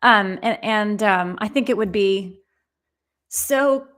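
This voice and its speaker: A woman's voice: mid-range voice, takes it slowly, fairly bright tone. A woman hosting an interview, thoughtful and hedging as she reflects and asks questions. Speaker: interview host. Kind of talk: interview conversation.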